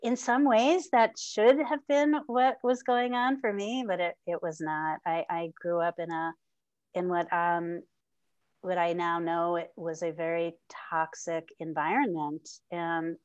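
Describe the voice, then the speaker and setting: A woman's voice: lowish voice, steady tone, a little slow, darkish tone, clear, resonant tone, no echo, lo-fi sound. A middle-aged woman speaking as an interview guest, open and heartfelt, laughing often and restarting her sentences. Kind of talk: candid personal interview.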